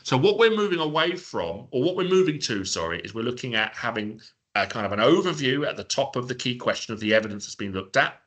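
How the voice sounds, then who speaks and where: A man giving a webinar presentation, explaining in an informal, chatty way with joking asides and quick self-corrections. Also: mid-range voice, big pitch swings, fairly bright tone.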